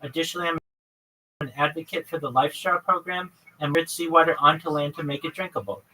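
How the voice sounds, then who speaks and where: A man with a bright, slightly high voice, hosting a livestream and earnestly rattling off long lists of plans. He sounds set back from the mic, with a faint hiss of noise behind him. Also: steady tone, fairly quick, recorded from a distance, poor audio. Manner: earnest, lists many topics in long runs. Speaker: livestream host. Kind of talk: livestream chat with a caller.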